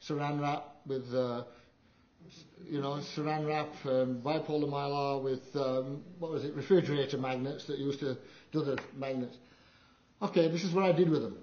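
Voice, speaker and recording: An older man, a live sound engineer, telling stories to an audience in a lecture hall and acting out what people said. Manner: animated storyteller, acts out quotes with big pitch jumps. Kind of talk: anecdotal presentation to an audience. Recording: dull, roomy hall recording.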